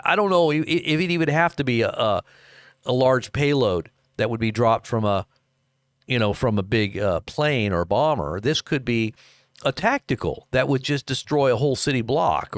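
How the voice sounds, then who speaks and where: An American man talks through live news commentary in a middle-pitched voice, rambling and circling back with fillers. The sound is dry and close, with no room around it. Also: expressive, normal speed, no echo. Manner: rambling, many fillers and restarts.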